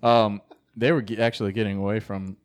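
A man chatting casually as a podcast co-host, telling jokes with a deadpan delivery. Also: fairly low pitch, brisk. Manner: deadpan, joking. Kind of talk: casual banter.

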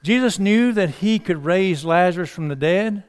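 A man's voice: high voice, lively intonation, moderate pace, smooth. A man preaching a sermon in a conversational, folksy way, asking the congregation rhetorical questions.

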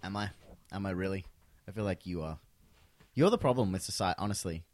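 A man co-hosting a casual podcast, joking and teasing his friends with deadpan asides. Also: low-pitched, fairly quick, no room sound. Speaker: podcast co-host. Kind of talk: casual banter. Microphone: studio mic, one shared channel.

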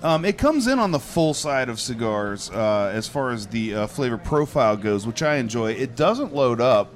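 A man's voice: medium pitch, big pitch swings, moderate pace. A man co-hosting a casual chat show, talking in an easygoing, enthusiastic way and rambling as he describes things. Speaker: co-host.

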